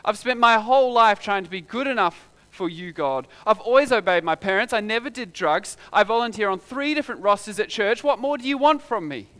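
A preacher putting on an aggrieved churchgoer. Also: male voice, high voice, very animated, moderate pace, hardly any pauses, sharp tone, pitched above the performer's own voice, heavily acted. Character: resentful churchgoer man complaining to God.

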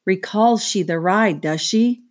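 A woman reading aloud, voicing an awed, humble giant cockroach that speaks in odd, halting grammar. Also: medium pitch, close to an everyday voice.

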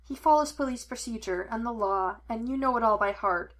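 A woman voicing a weary, steady older father who is a former cop, speaking in a measured, firm and patient way. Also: a little high, lightly acted.

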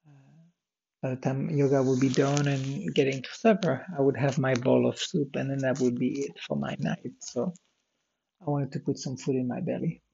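A man rambles through a daily audio diary, tired and yawning, wandering from topic to topic with plenty of fillers and false starts. His voice is gravelly and a little husky, at a middling pitch. The recording sounds slightly muffled and lo-fi. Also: steady tone, moderate pace, warm tone. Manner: meandering, many fillers and restarts, drifts off topic. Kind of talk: rambling personal diary talk.

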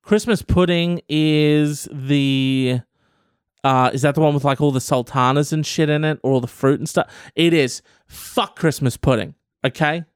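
A man's voice: a little high, a little slow, smooth, dry recording, clean studio sound. A man hosting a comedy podcast, reading out an article and riffing on it in an irreverent, profane, rambling way. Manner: reads out an article and riffs on it. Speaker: podcast host.

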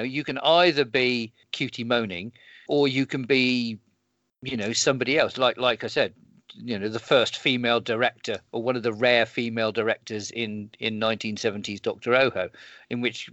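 A man's voice: mid-range voice, steady tone, moderate pace, a bit bright, no room sound. A man co-hosting a casual chat, rambling through explanations with many restarts. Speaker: podcast co-host. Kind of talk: casual chat planning a role-play. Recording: dull lo-fi sound.

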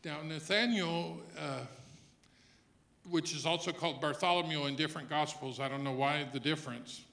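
A man preaching a sermon in a church, dropping to a hush and then rising to loud emphasis as he acts out quoted lines. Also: on the high side, moderate pace, vocal fry. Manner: swings between hushed and loud emphasis. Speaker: pastor. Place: church hall.

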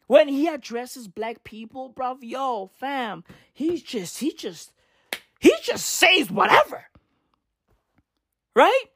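A woman's voice: high-pitched, big pitch swings, takes it slowly, long pauses, a bit bright, slightly rough, no echo. A young woman, ranting in slangy, profane commentary and repeating tag questions. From South Africa. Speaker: vlogger.

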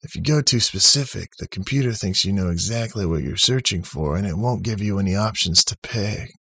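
A man's voice: on the low side, animated, brisk, gravelly, pushed and bright, breathy edge, dry recording, heavily acted. A man doing a wry sarcastic young guy. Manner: wry, mocking.

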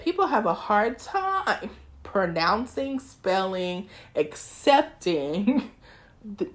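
Young woman host, twenties, chatty and animated, breaks into sermon-style exhortation. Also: on the low side. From East Texas. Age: 20s. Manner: lively, talkative, preachy bursts. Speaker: podcast host. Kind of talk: casual chat.

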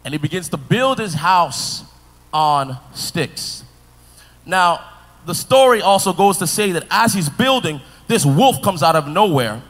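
High-voiced preacher man in an echoing hall. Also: measured pace. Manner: animated, playful, talks to the crowd. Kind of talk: storytelling sermon. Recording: long hall reverb.

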